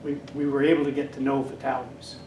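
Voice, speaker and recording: This older guest speaker talks fast in a monotone, his medium-pitched voice dark in tone. His casual lecture drifts through anecdotes, and he performs the voices of people he quotes. The recording catches him from far off in an echoey hall, with a faint hiss or hum.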